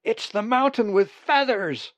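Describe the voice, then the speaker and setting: Croaky storybook raven, read by a man, bright and gravelly, calls out in high bursts. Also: huge pitch swings, slow, no room sound, heavily acted. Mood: excited. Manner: exclaims in short bursts, raised pitch. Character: male raven, wondering, then joyous and soaring. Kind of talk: audiobook character voice.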